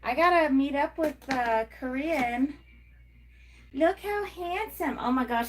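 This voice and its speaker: A fairly high-voiced woman chatting casually on a livestream about her small gecko business. She rambles with lots of ums and likes and slips into cooing baby talk whenever she holds up a gecko. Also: big pitch swings, slow. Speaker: livestream host and gecko breeder.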